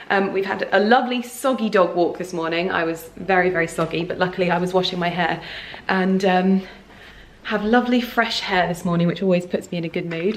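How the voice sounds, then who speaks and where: A woman's voice: fairly low pitch, recorded from a distance. Chatty woman in an echoey room. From England. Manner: bubbly and rambling, with fillers and self-corrections. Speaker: lifestyle vlogger. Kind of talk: casual chatty vlog monologue. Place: indoors at home, mid-packing. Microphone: handheld vlogging camera. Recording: echoey room, voice a little off-mic.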